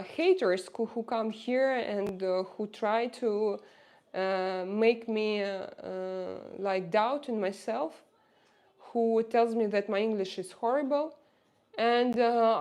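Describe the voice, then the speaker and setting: This is a woman in her thirties with a Russian accent, chatting casually on a livestream from home. Her voice sits a little high, and she hesitates often with fillers and restarts while greeting viewers by name. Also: a little mellow. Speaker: livestream host.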